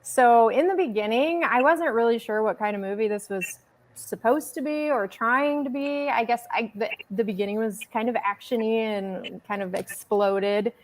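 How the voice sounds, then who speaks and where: A woman co-hosting a movie podcast, talking casually, lively and swearing freely. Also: on the high side, normal speed. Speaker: podcast co-host. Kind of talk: casual chat.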